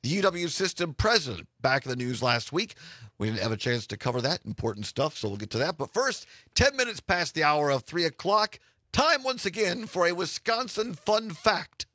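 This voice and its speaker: A man hosting a talk radio show from a studio, chatting and laughing easily with a hoarse voice. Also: on the high side, big pitch swings, normal speed, dry recording. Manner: laughs often, warm easygoing rambling. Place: radio studio in an office building.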